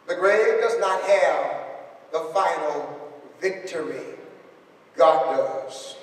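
A man preaching a funeral sermon, building up to shouted, emphatic repetitions. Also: fairly high pitch, lively intonation, slow pace. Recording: echoey hall, distant mic.

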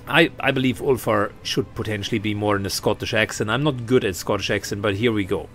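A man's voice: on the low side, fairly quick, hardly any pauses. Man casually commenting on his game. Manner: relaxed, musing, with many fillers. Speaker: let's play host. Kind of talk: gaming commentary.

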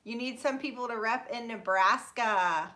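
A woman from Florida, USA, hosts a live stream in a voice on the high side, pushed and bright, and a little slow. She chats casually, greets viewers by name, laughs a lot, and is apologetic and self-deprecating about how she pronounces names.

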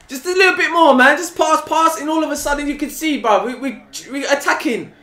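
A young man with a London accent reacting to a football match live, excitable and full of slang, yelling at the players. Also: very high-pitched, a little fast, hardly any pauses, reverberant, a little hiss or hum. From England. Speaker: football fan reaction channel host. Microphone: desktop USB mic.

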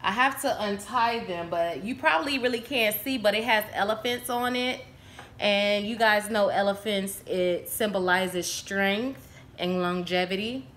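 An excitable, chatty woman talking straight to her camera at home, her voice bright and forceful. The room around her rings with echo, and a faint background hum sits under her talk. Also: mid-range voice, measured pace. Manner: excitable and chatty, addressing viewers as y'all. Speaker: vlogger showing a shopping haul. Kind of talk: casual chat to camera.

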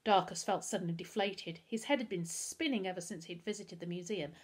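A woman reading a children's novel aloud as storyteller, in a steady, expressive way. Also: fairly low pitch, fairly quick, slightly rough.

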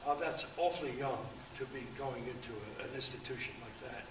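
A man in his eighties telling rambling anecdotes at a book event, halting often with fillers. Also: mid-range voice, fairly bright tone. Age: 80s. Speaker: author and guest. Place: event room. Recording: echoey room, distant mic, faint room noise.

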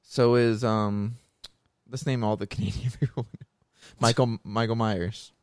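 A man's voice: medium pitch, fairly even intonation, measured pace, a little mellow, smooth, dry recording. A man co-hosting a podcast in casual chat, playful and teasing, laughing often. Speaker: podcast co-host.

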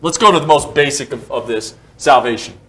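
A male pastor in his thirties preaching a sermon in a church, animated and quick to joke at his own expense. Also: medium pitch. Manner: joking, animated, self-deprecating asides. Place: church sanctuary.

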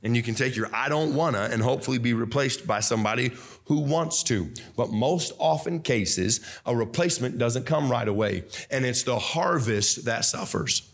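A young man, a pastor, preaching a fervent sermon with loud mock voices and low asides. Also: moderate pace. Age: young adult.

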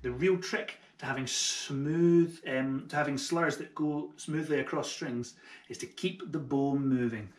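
A man teaching a double bass lesson online, who explains each step in an encouraging way and makes light jokes at his own expense. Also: fairly even intonation, a little slow, reverberant. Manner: friendly and encouraging, with light self-mocking jokes. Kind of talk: online music tutorial.

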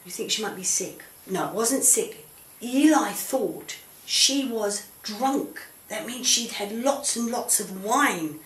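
A woman tells a children's Bible story with gentle, coaxing questions for her puppet. She speaks slowly, with a lively, rising and falling voice. The recording has a roomy echo. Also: medium pitch.

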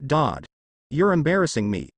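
A man voicing a bold, bossy teenage girl ninja who runs a weapon shop, raised higher than his own voice and teasing. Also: huge pitch swings, normal speed, husky, no room sound, exaggerated voice. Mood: embarrassed.

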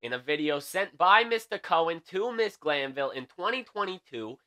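A man's voice: on the high side, sing-song, moderate pace, sharp tone. A young man hosting a comedic late-night celebrity news monologue, sassy and campy, tagging his jokes with "okay?".

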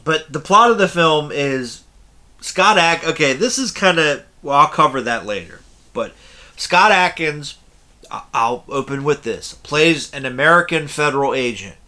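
A man's voice: on the high side, lively intonation, unhurried, pushed and bright. A man giving a casual, rambling movie review, blunt and a little tired, swearing now and then. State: yawning, tired.

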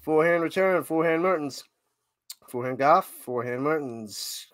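A man doing casual live play-by-play of a tennis match as a streamer, excitable, humming and chanting between points. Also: a little high, normal speed, no echo, studio quality.

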